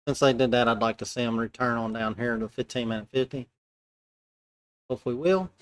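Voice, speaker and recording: A man gives live commentary on his futures trades as he makes them, thinking out loud in relaxed, slangy, colloquial speech. His pitch is ordinary and he talks a little fast.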